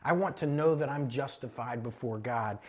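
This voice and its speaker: A male pastor preaching a sermon, emphatic and slowing down to stress key phrases. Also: medium pitch.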